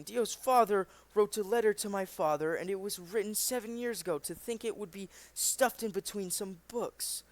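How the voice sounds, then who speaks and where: A man reading as an earnest young gentleman. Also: high-pitched, natural voice.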